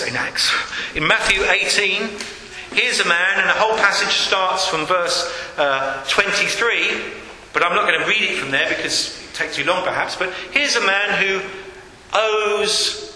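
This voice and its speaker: A man preaches a sermon in a high, ringing voice. He reads scripture aloud and leans on rhetorical questions. The sound carries a long hall reverb with faint ambience behind. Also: pushed and bright, slight background noise.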